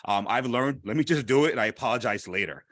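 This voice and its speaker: A man talks candidly at an event, his voice mid-pitched and lively, often repeating a phrase to drive it home. The sound is dry and close, with little room around it. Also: fast, no room sound. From Haitian heritage. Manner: animated, repeats phrases for emphasis. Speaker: panel speaker. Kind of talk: candid personal talk.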